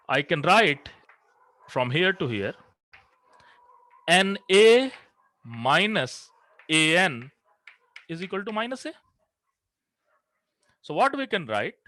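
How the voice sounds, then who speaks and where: In a dry recording, a man with a high-leaning, sharp voice gives a physics lecture to a class. He steps through equations methodically and poses questions to students, only to answer them himself.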